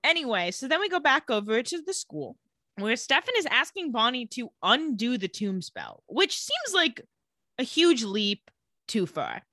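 Lively bright-voiced woman recapping a show. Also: fairly high pitch, no echo, studio quality. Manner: animated, acts out character lines in quick voices. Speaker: podcast co-host recapping a TV show. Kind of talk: casual recap chat.

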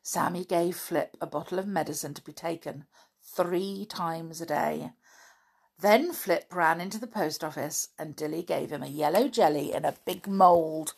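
A woman reading a children's story aloud, gentle and expressive. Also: sits low, a little slow, creaky, slightly rough.

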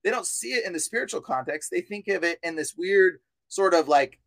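A man with a high voice preaches with fervent, insistent energy, circling back over the same points. He slips into casual slang like "dude" and "bro". The sound is close and dry, with no room echo. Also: lively intonation, brisk, gravelly, a bit bright. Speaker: exorcist guest on a podcast. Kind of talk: preachy podcast talk.

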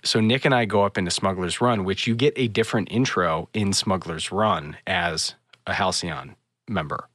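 Lively man telling a story with a dry sound. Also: moderate pace, no room sound. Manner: animated storytelling, mimics voices in high pitch. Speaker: podcast host. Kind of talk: casual chat.

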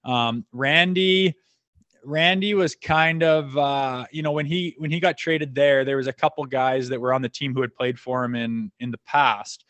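A man in casual podcast chat, speaking at a middle pitch through a close studio mic. He tells blunt, profane anecdotes and acts out the other people in them. The sound is dry, with no room echo. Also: normal speed. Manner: profane, animated anecdotes acting out quoted dialogue. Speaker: podcast guest, former hockey enforcer.

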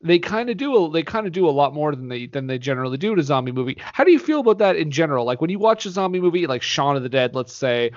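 A man's voice: fairly high pitch, big pitch swings, racing, few pauses, no echo. A man hosting a movie podcast, asking questions in a loose conversational way. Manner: conversational, leads questions, many fillers and restarts. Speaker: podcast host. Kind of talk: casual movie podcast chat. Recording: dull, lo-fi podcast audio.

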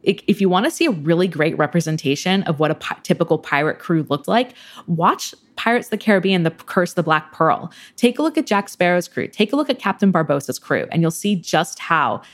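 A woman's voice: lowish voice, animated, a little fast. A woman speaking as an expert guest, explaining history casually with frequent ums.

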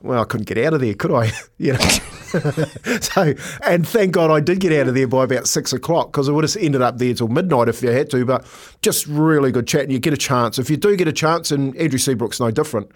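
A man's voice: mid-range voice, brisk. An older man co-hosting a casual radio chat, telling stories and laughing often. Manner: chatty storyteller, laughs often. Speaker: co-host.

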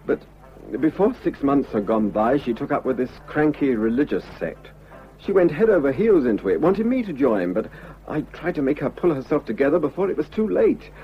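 An actor playing an unhappily married man who confesses his love, earnest and halting, in a vintage radio drama. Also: medium pitch, sing-song, faint music behind. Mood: earnest pleading. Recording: dull lo-fi old radio recording.

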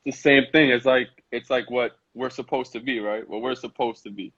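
A young man, hosting a relaxed chat and often repeating himself with "right?" and "you know what I'm saying?". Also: medium pitch, normal speed, breathy edge. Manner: laid-back, repeats phrases, asks "right?". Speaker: podcast host. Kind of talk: casual chat. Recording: muffled Instagram live audio.

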